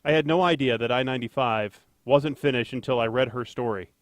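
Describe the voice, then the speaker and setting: A man's voice: mid-range voice, fairly quick, dry recording. A man co-hosting a casual podcast, rambling and joking with lots of fillers and self-deprecating asides. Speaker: podcast co-host, traffic anchor.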